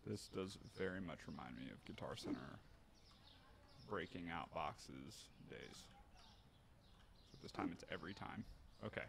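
A man giving casual gameplay commentary, narrating his own moves with animated mock outrage. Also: low-pitched, unhurried, gravelly, long pauses, background noise. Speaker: gaming streamer.

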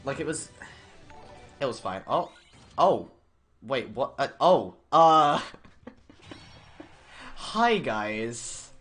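Young man, live game stream commentary, excitable, laughs a lot, stumbles over words, medium pitch, faint music behind. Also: drawn-out words, pauses often. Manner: excitable, laughs often, stammers and restarts.

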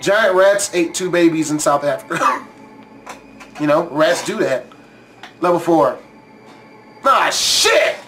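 A man's voice: fairly high pitch, a little slow, pauses often, soft background music. A man hosting his channel, giving casual reaction commentary, swearing freely and yelping when something startles him. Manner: profane, jumpy, yelps and swears when startled. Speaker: YouTube host reacting to a scare challenge.

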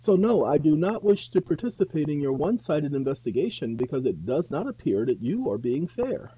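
A man hosting an advice monologue to viewers, speaking in a measured, deliberate way that turns indignant and loud. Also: a little high, sing-song, breathy edge, muffled recording. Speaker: host.

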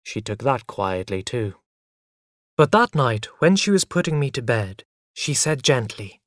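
Brief: storybook narrator for a first-person tale, with a lively, rising-and-falling delivery and a middle pitch. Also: measured pace, no echo, studio quality.

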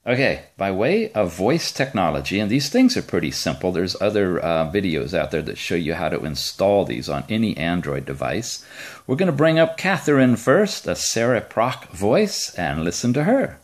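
Lively low-voiced man demoing gadgets. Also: moderate pace. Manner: chatty, enthusiastic, joking. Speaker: tech reviewer host. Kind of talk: casual demo. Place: rural home.

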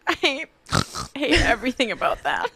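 Woman, comedy podcast co-host, giggly, self-deprecating, higher voice, very lively pitch. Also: moderate pace, a little hiss or hum. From Boston, USA. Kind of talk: casual chat.

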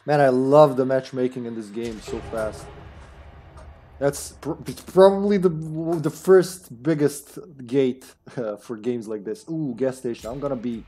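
A man's voice: mid-range voice, measured pace, mellow, slightly rough. A man streaming a horror game with friends, chatting casually and jokingly, laughing often and trailing off mid-sentence. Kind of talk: casual gaming chat.

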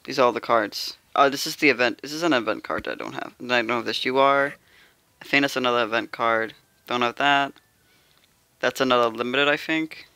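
A young adult gamer giving casual, excitable commentary while pulling cards in a mobile game, calling out in pleading bursts and squeals. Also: medium pitch, fairly quick, no echo. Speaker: gameplay streamer. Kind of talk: casual gacha gameplay commentary.

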